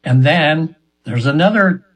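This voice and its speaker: A man's voice: on the high side, expressive, measured pace, fairly bright tone, slightly rough, poor audio. A man in his seventies telling a long, meandering story as an interview guest, earnest and full of fillers and restarts. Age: 70s.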